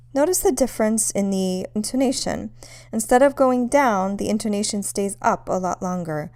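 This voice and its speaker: A young adult woman teaching a language lesson, speaking in a clear, measured way and saying example sentences slowly. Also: mid-range voice, a little mellow, no room sound, studio quality. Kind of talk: scripted lesson narration.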